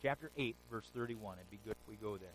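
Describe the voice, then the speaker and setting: A man preaching a sermon, retelling scripture stories in a lively, casual modern way. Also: lowish voice, quick pace, a little hiss or hum, low-quality recording. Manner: animated storytelling, paraphrasing scripture in casual modern speech.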